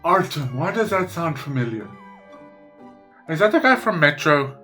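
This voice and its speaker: A man's voice: a little high, big pitch swings, moderate pace, pushed and bright, soft background music. A man giving casual let's-play commentary, musing to himself while picking options. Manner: musing, self-talking while choosing. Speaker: gamer.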